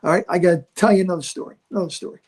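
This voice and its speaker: A man's voice: sits high, racing, a little mellow, slightly rough. Older man telling comedy stories. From Philadelphia area. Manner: acts out other people in his stories. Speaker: stand-up comedian guest. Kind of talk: animated storytelling.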